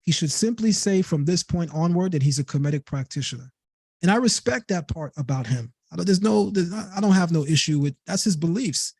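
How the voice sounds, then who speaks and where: A man's voice: fairly high pitch, lively intonation, a little fast, gravelly, darkish tone, slightly rough, no room sound, studio quality. A young man of Caribbean descent hosting a late-night live stream, talking emphatically and repeating himself to drive his points home. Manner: emphatic, repetitive, stressing words to make a point. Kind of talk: heated live stream commentary.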